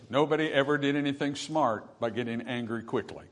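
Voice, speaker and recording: A man's voice: medium pitch, a little fast, hardly any pauses. A male pastor preaching a sermon in an earnest, conversational way, with emphatic bursts, scripture readings and calls of "Amen?" to the congregation. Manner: reads scripture aloud and asks the congregation to finish verses.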